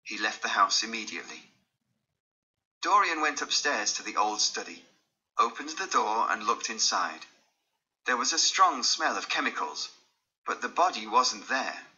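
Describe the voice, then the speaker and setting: A man reads a graded-reader story with animated pitch. His voice is bright and forward, and the recording is muffled and lo-fi. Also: measured pace. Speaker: audiobook narrator. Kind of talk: scripted narration of a graded reader.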